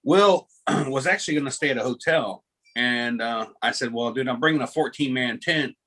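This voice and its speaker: A man's voice: medium pitch, moderate pace, bright, forceful tone. A man hosting a casual video call chat, telling stories with many restarts and poking fun at himself. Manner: rambling storyteller with many restarts; self-mocking. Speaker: host.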